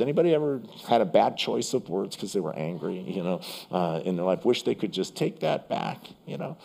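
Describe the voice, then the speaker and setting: A man's voice: on the low side, creaky, a little mellow, breathy edge. A man preaching a sermon in a church as pastor, in a conversational, vivid storytelling manner.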